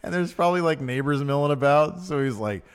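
A man's voice: a little high, animated, fairly quick, clean tone. A man co-hosting a casual wrestling recap, chatty, laughing easily and trailing off with fillers. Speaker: co-host.

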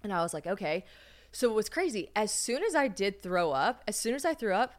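Animated young woman telling a story. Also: medium pitch, fast talker. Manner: animated, acts out quoted voices, laughs often. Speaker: podcast co-host. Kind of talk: casual storytelling chat.

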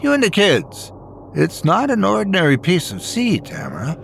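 A man's voice: high voice, wildly swooping pitch, moderate pace, vocal fry, a little hiss or hum, pitched above the performer's own voice, heavily acted. A man voicing an entranced husband back from the sea, speaking with awe and childlike wonder. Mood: awed.

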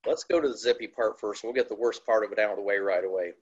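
A man from Indiana, a team owner and former racer, telling racing stories in a casual, animated, plainspoken way. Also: on the low side, quick pace, breathy edge, muffled recording. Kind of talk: casual storytelling interview.

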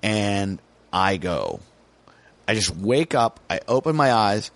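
A man's voice: fairly low pitch, slow, no echo. A man from the United States, a comedian guest on a podcast, telling a story casually and acting out the people in it. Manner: animated, acts out voices in his story.

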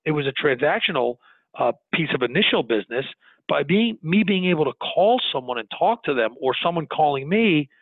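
Man, business owner, earnest, animated, restarts his sentences, tinny phone-line sound, dry. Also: fairly high pitch, fairly quick, no room sound. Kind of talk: conversational interview.

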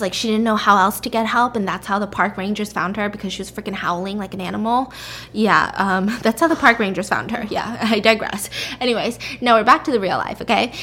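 On the high side and fairly bright, this woman's voice carries a laid-back story recap for a podcast. Peppering her talk with "like" and "right?", she performs the characters' dialogue as she goes.

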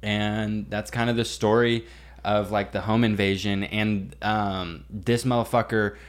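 A young man co-hosting a podcast, telling a story in casual chat, animated and full of swearing and "like". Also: fairly low pitch, measured pace. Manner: animated, swearing, heavy use of "like". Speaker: podcast co-host.

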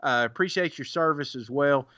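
A man's voice: on the high side, normal speed, bright, forceful tone, no echo, dull audio. A man co-hosting a podcast, reading out listener reviews in a casual, teasing way and laughing often. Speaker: podcast co-host.

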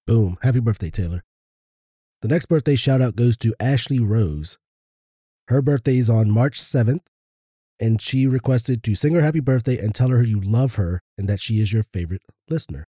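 A man co-hosting a podcast, easygoing, reading out listener shout-outs in casual chat. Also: mid-range voice, moderate pace, husky, no room sound, clean studio sound. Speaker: podcast co-host.

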